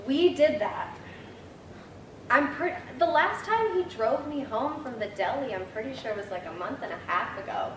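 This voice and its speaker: A woman's voice: high voice, lively intonation, normal speed. Young woman telling funny stories in an echoey hall. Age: 20s. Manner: chatty, laughing, storytelling with many fillers. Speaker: granddaughter giving a eulogy. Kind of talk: memorial speech with funny stories. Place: memorial service hall. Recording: echoey hall, distant mic, noisy room.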